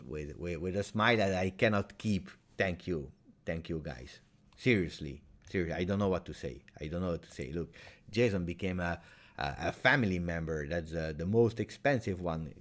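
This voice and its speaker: A man hosting a live-stream fan chat, excitable and halting, repeating himself with many fillers and loud bursts. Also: sits low. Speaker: fan channel host.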